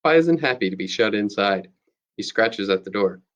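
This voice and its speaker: Male teacher, steady read-aloud to students, low voice, lo-fi sound. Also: moderate pace. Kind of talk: reading a novel aloud to students.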